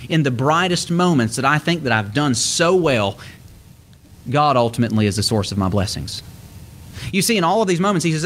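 A man's voice: fairly high pitch, expressive, moderate pace, a bit bright. A middle-aged man preaching a sermon, explaining scripture earnestly and lifting his voice when he quotes it.

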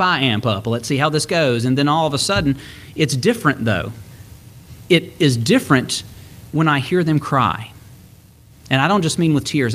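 A man's voice: medium pitch, fairly bright tone. A man preaching a conversational sermon, mixing scripture quotes with stories from home.

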